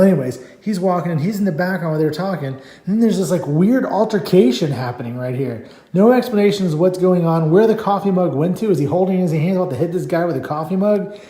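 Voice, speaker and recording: A middle-aged man with a mellow, slightly raised voice chats through a comic book page by page, rambling and enthusiastic with plenty of ums. The sound carries a noticeable room echo. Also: a little high. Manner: rambling, enthusiastic, many fillers. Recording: echoey room.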